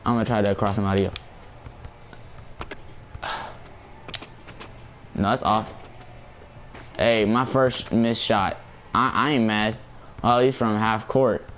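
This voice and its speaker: A man's voice: fairly low pitch, slow pace, long pauses, a little hiss or hum. Giggly young man narrating his gameplay. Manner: giggly, excitable, slangy. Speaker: gameplay YouTuber. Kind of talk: casual gameplay commentary.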